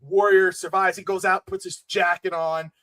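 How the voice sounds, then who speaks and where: A middle-aged man co-hosting a wrestling podcast, excitable and swearing, laughing often as he acts out the moments. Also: sits high, moderate pace. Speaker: podcast co-host. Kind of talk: casual wrestling podcast chat.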